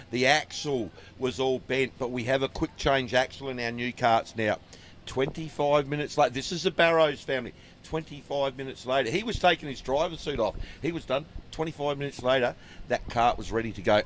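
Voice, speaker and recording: A mid-pitched man co-commentating a kart meeting, loose and chatty with plenty of fillers. Faint outdoor track noise sits behind him. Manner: chatty, rambling, many fillers. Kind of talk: casual trackside storytelling.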